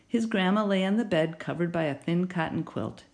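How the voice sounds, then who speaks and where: A woman narrating a children's novel in an expressive storytelling manner. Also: fairly low pitch, normal speed, creaky. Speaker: audiobook narrator.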